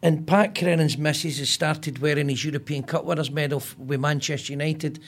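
A man's voice: fairly high pitch, fairly quick. An older man with a Scottish accent, a comedian guest telling stories in casual chat with many stammered restarts. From Scotland. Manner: animated storyteller with stammered restarts.

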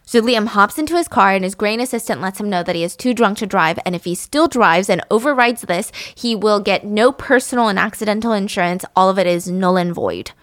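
A woman recaps a plot in a casual, chatty way. She is animated and jumps into the characters' lines as she goes. Her voice sits at a middle pitch, and the recording is dry and close. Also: brisk, few pauses, no room sound. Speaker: storyteller recapping a show. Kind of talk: casual retelling of a story.

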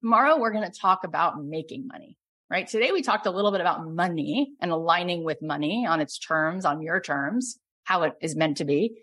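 Middle-aged woman coach, effusive sales pitch, builds to loud emphasis. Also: expressive, fairly quick. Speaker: coach and program host.

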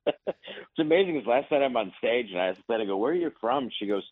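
A man's voice: medium pitch, lively intonation, moderate pace. A man who is a comedian, joking with a radio host and laughing through his lines. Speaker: comedian guest. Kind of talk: radio interview banter. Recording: dull remote line.

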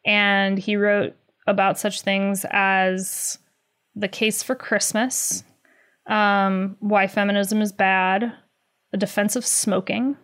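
A woman in her thirties answering interview questions as a journalist. She talks in a lively, chatty way, leaning on "like" and "you know", with dry, sarcastic laughs now and then. Her pitch sits in the middle for a woman. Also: slow, clear, resonant tone. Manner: animated, many "like" fillers, sarcastic laughs. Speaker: journalist guest. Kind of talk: conversational interview.

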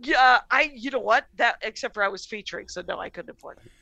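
A middle-aged woman comedian telling a story in a casual podcast chat, animated, laughing often and swearing freely. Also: on the high side, fast talker, creaky, dry recording. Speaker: comedian guest.

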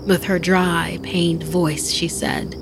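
Hushed, gravelly woman telling a ghost story. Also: fairly low pitch, flat delivery, takes it slowly. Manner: hushed, often dropping to a whisper. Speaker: podcast host and storyteller. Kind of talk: scripted spooky narration. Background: music bed.

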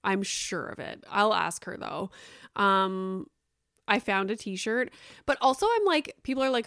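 A woman's voice: mid-range voice, animated, a little slow, fairly bright tone, clear, resonant tone, dry recording, studio quality. A woman in her thirties hosting her own podcast, chatting casually and rambling with lots of fillers and the odd swear word. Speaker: podcast host. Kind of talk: casual solo chat.

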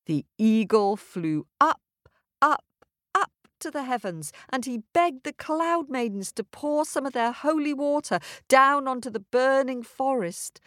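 A woman storyteller telling a folk tale in an expressive, rhythmic way. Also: fairly high pitch, no echo, studio quality. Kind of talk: storytelling for children.

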